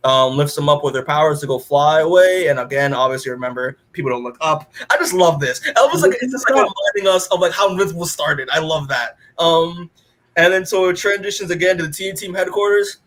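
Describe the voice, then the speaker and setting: A man's voice: a little high, expressive, a little fast, fairly bright tone. A man co-hosting a podcast, recapping a comic issue in a rambling, casual way and acting out the characters' lines, with many fillers. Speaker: podcast co-host.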